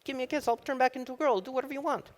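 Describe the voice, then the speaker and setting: A man's voice: extremely high pitch, steady tone, racing, big-room sound, voice pushed up. A man voicing a talking frog that claims to be a princess, wheedling and insistent. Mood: agitated. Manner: wheedling, insistent, increasingly agitated.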